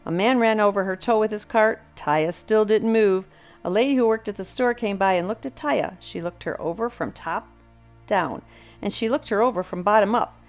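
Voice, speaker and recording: Older woman narrator, children's story, expressive read-aloud, faint music under. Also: medium pitch, normal speed.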